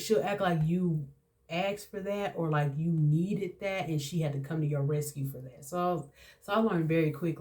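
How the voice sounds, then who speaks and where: This podcast host, a woman around forty, speaks at a moderate pace in a low-pitched, slightly mellow voice. Candid and emotional, she relates a personal story and often repeats herself.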